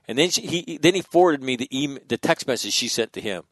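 A man's voice: mid-range voice, fast, few pauses, no room sound. A man on a podcast talks in a loose, profane way and keeps jumping back into his sentences. His voice is recorded close and dry, with no room sound. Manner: profane, animated storytelling with frequent restarts. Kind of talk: casual podcast conversation.

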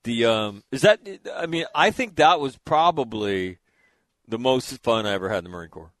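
An older man hosting a casual chat, telling animated, laughing stories with crude swearing. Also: mid-range voice, moderate pace, dry recording. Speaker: host.

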